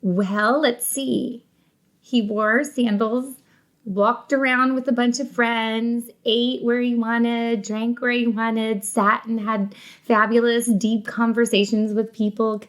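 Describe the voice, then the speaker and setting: A woman's voice: on the high side, little pitch movement, takes it slowly. A woman with a Northern US accent, chatting upbeat as a podcast guest and laughing easily. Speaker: podcast guest, children's ministry coordinator. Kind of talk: casual conversational interview.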